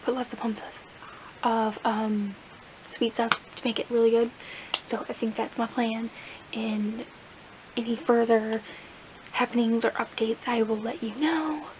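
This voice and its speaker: A woman's voice: on the high side, steady tone, unhurried. A young woman rambling casually about her reading in a vlog, full of fillers, recorded on a camera mic. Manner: rambling, chatty, many fillers. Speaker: book vlogger. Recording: dull lo-fi camera audio with faint hiss.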